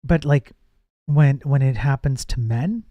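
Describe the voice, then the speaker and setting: Casually chatting on a coding live stream, a man thinks out loud, reads chat, and often trails off and starts again. His mid-range voice is unhurried and warm, though he says it becomes nasal when he projects. The recording is dry and lo-fi.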